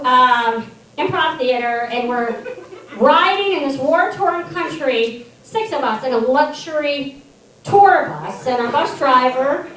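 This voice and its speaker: A woman's voice: sits high, a bit bright, a little hiss or hum. A middle-aged woman telling wry, self-deprecating stand-up stories on a comedy theater stage, picked up from a distance. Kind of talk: stand-up storytelling. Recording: echoey hall from far off.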